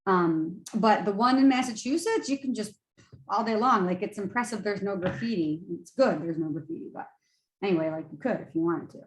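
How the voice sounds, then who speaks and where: A woman's voice: medium pitch, animated, a little fast, echoey room, rough recording. A woman, a college instructor, giving a tired, casual screen-share lecture full of fillers and restarts. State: tired, yawning.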